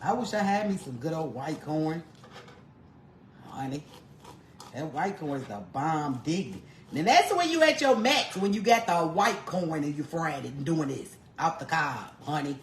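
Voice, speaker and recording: Lady cooking in her kitchen, lively up-and-down voice, kinda echoey room with a faint hum. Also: low-pitched, moderate pace. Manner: folksy, calls the viewer honey, laughs often. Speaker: home cook vlogger. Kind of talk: casual cooking demonstration. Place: home kitchen.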